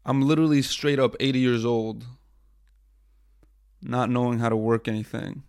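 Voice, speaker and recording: A man's voice: medium pitch, fairly even intonation, moderate pace, a little mellow, no echo, clean studio sound. A young man hosting his own podcast over a livestream, talking casually, swearing and mocking himself. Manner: frustrated, profane, self-mocking. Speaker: podcast host.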